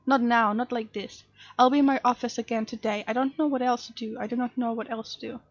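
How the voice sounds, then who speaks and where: A woman's voice: a little high, steady tone, quick pace, no room sound, dull audio. A woman reading out the text messages of a grieving mother in a game, in a formal, pleading way, close to her own voice.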